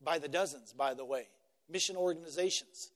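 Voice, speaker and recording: A man's voice: fairly high pitch, fairly quick, long reverb tail. A male pastor delivering a conversational sermon, repeating phrases and often checking in with "right?".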